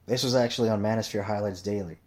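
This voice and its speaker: A young man talking casually into a mic in a profane, rambling monologue, swearing constantly and telling animated stories. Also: lowish voice, fast talker. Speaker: commentator.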